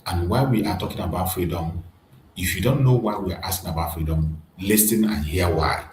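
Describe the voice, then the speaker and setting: A man's voice: sits low, fairly quick, a little mellow. A man giving impassioned political commentary, rallying his listeners with emphatic repetition. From Nigeria. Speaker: activist commentator. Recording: echoey room with faint noise.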